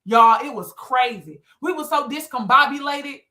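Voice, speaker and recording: A woman's voice: high voice, normal speed, sharp tone. A woman, telling her story as a motivational talk to viewers, emphatic and repeating phrases for effect. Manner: emphatic, repeats phrases, addresses listeners as y'all. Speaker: business coach and speaker.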